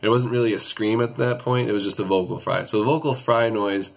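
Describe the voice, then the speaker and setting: A young man giving a casual vocal tutorial, relaxed and rambling, with lots of fillers and restarts. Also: fairly low pitch, fairly quick, gravelly.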